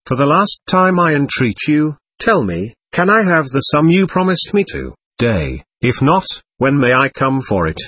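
A man's voice: fairly high pitch, sing-song, a little slow, hardly any pauses, a bit bright, husky, dry recording, full character voice. A man voicing an impulsive young man in a storybook reading, pleading and agitated.

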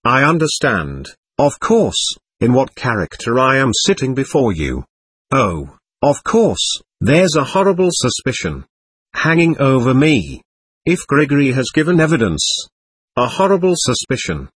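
Guy reading a jittery tipsy man being questioned, pleading and repeating himself, husky voice. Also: mid-range voice, wildly swooping pitch, unhurried, no room sound, full character voice. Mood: eager. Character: excitable, effusive man under interrogation, slightly drunk. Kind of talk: audiobook reading.

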